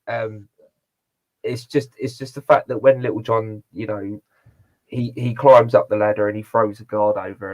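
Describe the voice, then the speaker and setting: Rambling low-voiced man reviewing films. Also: dull audio. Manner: rambling, with many fillers and restarts. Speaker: podcast co-host. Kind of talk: casual movie review chat.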